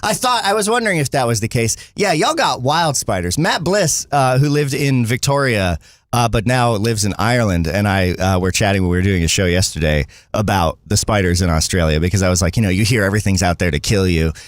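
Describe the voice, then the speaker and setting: A man from the northern United States co-hosting a casual podcast chat, relaxed and rambling, laughing easily. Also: on the low side, brisk, no room sound, studio quality. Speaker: podcast co-host. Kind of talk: casual chat reading viewer comments.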